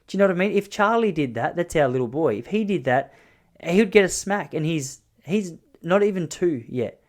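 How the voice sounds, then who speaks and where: A man hosting a solo podcast, rambling and joking in an animated way. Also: fairly high pitch, a little fast. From Australia. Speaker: podcast host. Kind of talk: solo comedic monologue.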